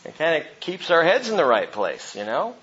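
A man preaching a sermon as pastor, impassioned, jumping from loud outbursts to hushed tones. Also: a little high, wildly swooping pitch, normal speed, lo-fi sound.

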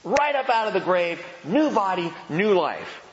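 Animated high-voiced male preacher. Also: unhurried, big-room sound, muffled recording. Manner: animated, emphatic preaching with rhetorical questions. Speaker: pastor. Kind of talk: sermon.

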